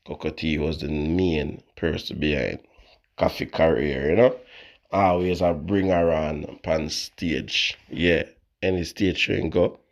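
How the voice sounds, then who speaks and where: A man's voice: extremely low pitch, gravelly. A Jamaican man hosting his channel, talking casually and sleepily in patois-laced speech. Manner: laid-back patois-laced talk. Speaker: channel host. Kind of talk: casual news commentary.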